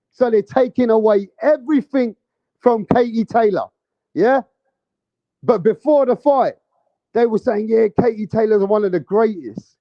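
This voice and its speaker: A man's voice: high voice, measured pace, no echo, highs cut off. A man giving casual vlog commentary on boxing, with a brash, profane, heated ranting manner.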